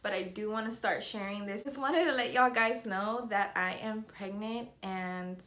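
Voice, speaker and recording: Young woman vlogger, bright voice, chatty and breathless, emotional. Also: mid-range voice, normal speed, roomy sound. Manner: chatty, tearful and excited, many fillers. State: slightly out of breath. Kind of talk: emotional personal vlog.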